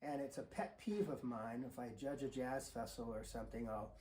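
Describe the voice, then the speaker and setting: Relaxed man teaching in a roomy studio. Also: mid-range voice, fairly quick. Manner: relaxed, rambling, many fillers and restarts. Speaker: drum teacher. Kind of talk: casual instructional talk. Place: drum studio. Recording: roomy studio sound with faint noise. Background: drums and cymbals played between remarks.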